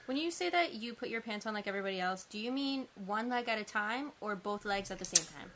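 A woman's voice: mid-range voice, fast, a little hiss or hum. A young woman co-hosting a casual chat, telling stories in an exaggerated, giggly way. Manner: animated, exaggerated storytelling, giggly. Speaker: podcast co-host.

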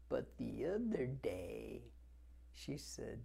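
A man's voice: medium pitch, sing-song, slow, vocal fry, dark tone, husky. A man in his sixties preaching a verse-by-verse Bible teaching, talking conversationally and repeating words for emphasis as he builds to fervent exhortation. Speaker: pastor.

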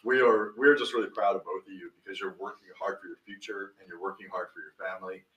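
Fast-talking deep-voiced male podcast host. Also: fairly even intonation, a bit bright, roomy sound, far from the mic, rough recording. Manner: earnest, praising, with frequent restarts. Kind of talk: casual chat.

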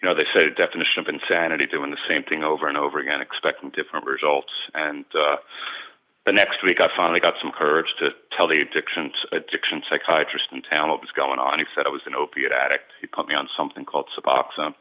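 A man's voice: very deep voice, level tone, fast talker, pushed and bright, muffled recording. A man, a sports and celebrity agent, candidly recounting his own story as a guest in an interview, earnest and repeating words when moved.

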